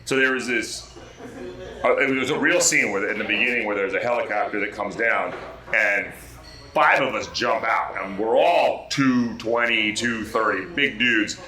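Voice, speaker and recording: A male actor, a guest on a bar talk show, telling animated stories with lots of restarts and swearing. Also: fairly low pitch, moderate pace, echoey room, low-quality recording. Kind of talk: casual chat, anecdote telling.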